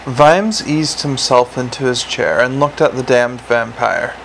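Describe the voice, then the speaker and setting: A man narrating an audiobook in a wry, measured way. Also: medium pitch, creaky, a bit bright, a little hiss or hum, rough recording. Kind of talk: scripted narration.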